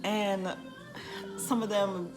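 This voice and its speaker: A woman bus driver telling stories in a casual vlog, chatty and full of "you know", acting out the kids' voices in high shrieks. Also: steady tone, drawn-out words, over music.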